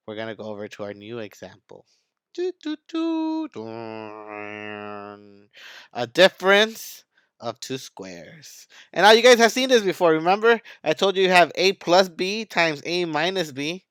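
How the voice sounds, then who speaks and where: A man's voice: on the high side, animated, moderate pace, a bit bright, clear, resonant tone, no room sound. A man teaching math in a video lesson, hyped and playful, talking straight to his students.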